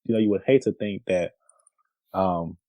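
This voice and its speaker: A man with a fairly low voice co-hosts a podcast, chatting casually and loosely, circling back on his thoughts with plenty of "dude" and "I don't know." The recording is close and dry, with almost no room sound. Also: moderate pace, no echo, rough recording. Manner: relaxed, rambling, says "dude" and "I don't know" a lot. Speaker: podcast co-host. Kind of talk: casual chat.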